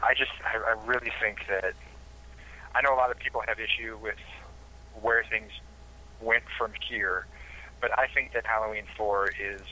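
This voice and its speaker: A man's voice: fairly low pitch, bright, forceful tone, low-quality recording. A man appearing as a horror film expert on a podcast, talking enthusiastically. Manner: enthusiastic, gushing. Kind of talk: casual film podcast chat.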